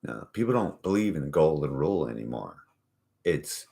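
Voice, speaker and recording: A man with a low, deep voice rants loosely to his camera. He rambles, swears freely and mocks the people he talks about. The talk is loose and unscripted. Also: big pitch swings, moderate pace, vocal fry, mellow. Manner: rambling, profane and mocking. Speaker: vlogger. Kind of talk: casual profane rant.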